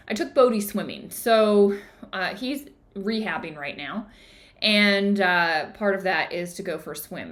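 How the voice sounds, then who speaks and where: A woman hosting a book club livestream, retelling a story in a casual, animated way and acting out the quotes. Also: mid-range voice. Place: home in the woods. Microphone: streaming device, live video.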